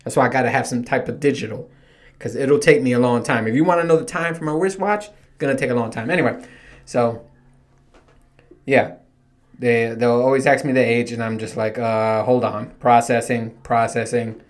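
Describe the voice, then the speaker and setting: A man in his thirties talks through a loose solo podcast at a mid-range pitch. He rambles and swears freely, and he pokes fun at himself as he goes. His delivery is casual and unscripted. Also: a little fast. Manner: rambling, profane, self-mocking. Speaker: podcast host. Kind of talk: casual comedic monologue.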